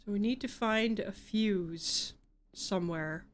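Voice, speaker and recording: A woman's voice: mid-range voice, slow. A woman streaming a horror game, reading dialogue aloud and chatting with wry asides. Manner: chatty, wry asides between read lines.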